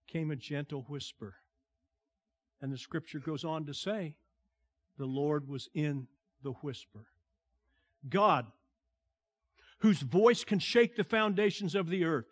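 A male pastor with a high voice delivers a sermon slowly and deliberately. His speech drops to a hushed tone and then swells on points of emphasis.

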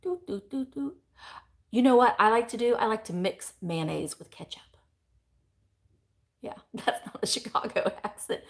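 A woman's voice: medium pitch, normal speed, vocal fry, pauses often. A middle-aged woman, hosting a casual live-stream sale, rambling as she reads out viewer comments and calls bids.

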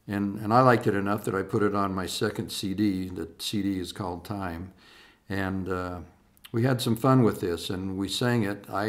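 An older singer-songwriter with a fairly low voice chats casually with online viewers. He's folksy and rambling, with lots of "uh" and restarts.

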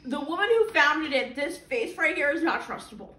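A woman's voice: high voice, lively intonation, moderate pace, sharp tone. A young woman reviewing a boxed food item with sarcastic jokes and frequent laughter. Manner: sarcastic, joking, laughs often. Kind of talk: comedic food review chat. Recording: echoey room with faint noise.

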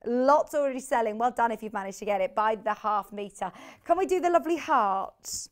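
A woman's voice: fairly high pitch, clean tone. Chatty woman selling on TV. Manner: chatty and bubbly, laughs easily. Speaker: shopping channel presenter. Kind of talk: live TV product selling. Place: TV studio.

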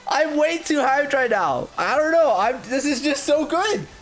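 A man giving live gameplay commentary, excitable and self-mocking, going from muttering to shouting. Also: extremely high pitch, a little slow, soft background music. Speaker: gaming video creator.

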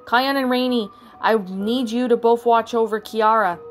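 A woman's voice: fairly high pitch, steady tone, normal speed, lightly acted. A woman voicing a protective, hot-tempered young male lion, reading his lines plainly in a storybook reading. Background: soft background music.

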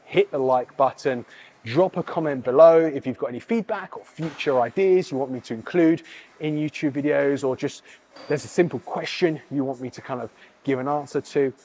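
A man's voice: medium pitch, normal speed, a little mellow. A man with a British accent demonstrating leg exercises as a fitness coach, talking casually with many fillers and repeated coaching cues, a little out of breath.

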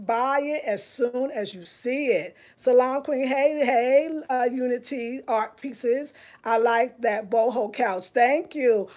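Middle-aged woman, slightly high voice; casual chatty livestream host at home. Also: darkish tone. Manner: chatty, greets viewers by name. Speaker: home decor vlogger hosting a live chat. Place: home living room.

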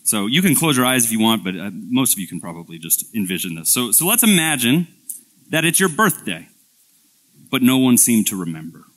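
A man's voice: mid-range voice, big pitch swings, fairly quick, fairly bright tone. A male pastor preaching a sermon in a church, telling a playful story in a conversational way, often restarting and repeating words. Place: church sanctuary.

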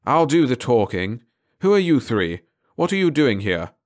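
A man voicing a brusque alien patrol officer in a storybook reading, barking orders loudly. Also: mid-range voice, sing-song, moderate pace, pitched above the performer's own voice, natural voice. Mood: commanding.

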